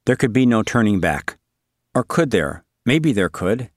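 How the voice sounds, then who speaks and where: A man narrating an audiobook in a dry, deadpan, wry manner. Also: on the low side, a little slow, dry recording.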